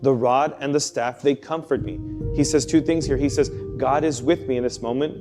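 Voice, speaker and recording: A man's voice: mid-range voice, steady tone, moderate pace, music in the background. A young man, a youth pastor, preaching a sermon in a casual, conversational way, telling stories and acting out quotes. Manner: conversational, storytelling with acted quotes.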